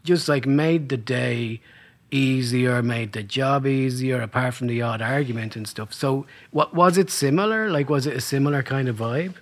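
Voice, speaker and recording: A man's voice: medium pitch, moderate pace. A man from Ireland hosting an interview, talking casually and reflectively with frequent fillers. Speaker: interview host, sound mixer. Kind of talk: conversational interview.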